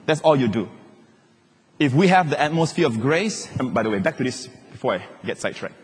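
A pastor preaching a sermon, joking with the congregation and acting out quotes. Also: male voice, mid-range voice, brisk, slight background noise. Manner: animated, joking, acts out quotes. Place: large church hall. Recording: long reverb of a large hall.

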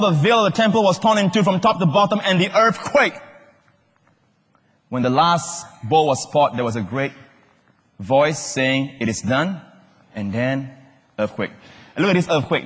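A man preaching a sermon in a large hall, animated, questioning the congregation and shouting out key words. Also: a little high, husky. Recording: long hall reverb.

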